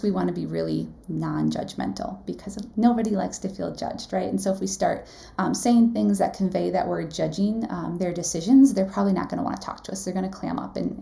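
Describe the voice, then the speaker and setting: A woman with a warm, gravelly, fairly low voice teaches a live online class as a nursing exam instructor. She keeps it conversational in this webinar, often putting questions to the audience and tagging sentences with "right?"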